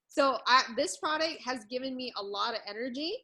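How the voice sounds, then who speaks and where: A woman in her thirties presents products on a video call in a cheerful, upbeat way, often laughing mid-sentence. Her voice is bright and ringing, pitched a little high. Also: a little fast, rough recording. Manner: upbeat, laughs between words.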